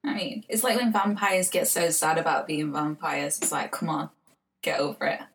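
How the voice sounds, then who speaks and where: A woman's voice: low-pitched, moderate pace, slight background noise. An English woman co-hosting a casual podcast chat, swearing freely, laughing often and dropping into whispers. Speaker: podcast co-host.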